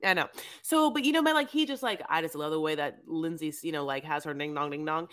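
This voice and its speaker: A woman co-hosting a podcast, chatting casually and riffing playfully about a reality show in a rambling, animated way. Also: sits low, quick pace. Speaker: podcast co-host.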